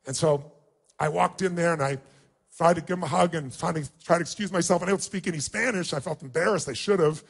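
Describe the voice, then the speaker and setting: A man's voice: fairly high pitch, fast, gravelly, breathy edge. A middle-aged man giving a motivational speech, telling a personal story with emphatic, emotional delivery and acted-out quotes. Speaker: motivational speaker.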